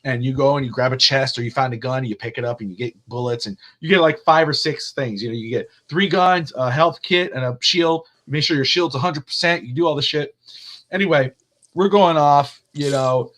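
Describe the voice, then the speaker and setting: A man co-hosting a sports podcast, telling stories in a loose, animated way and swearing freely. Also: medium pitch, brisk. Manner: animated, profane storyteller. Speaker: podcast co-host. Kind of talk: casual sports chat.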